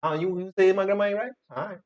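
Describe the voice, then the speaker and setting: Man co-host, high lively voice, lo-fi mic, blunt jokes. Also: rapid-fire. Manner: blunt, joking, slangy. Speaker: co-host reacting. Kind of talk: reaction commentary. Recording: dull lo-fi sound.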